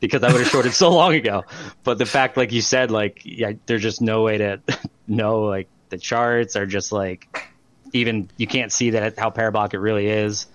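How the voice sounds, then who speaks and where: A man with a lowish voice chats casually on a podcast. His delivery is loose and rambling, full of swearing and laughter. The sound is dry and close to the mic. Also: fairly even intonation, moderate pace, no echo. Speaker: podcast co-host. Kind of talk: casual chat.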